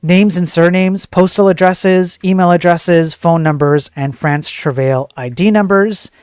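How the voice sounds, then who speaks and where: A man's voice: high voice, fairly even intonation, measured pace, clear, resonant tone, no room sound, clean studio sound. A man hosting a casual tech news stream, ranting bluntly and joking as he reads the stories. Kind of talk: casual live-stream commentary.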